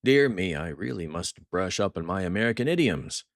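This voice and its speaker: A man voicing a jovial, cruel male French crime boss who talks with theatrical mock warmth. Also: deep voice, sing-song, moderate pace, dry recording, clean studio sound. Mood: gloating. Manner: mock-warm, theatrical, gloating.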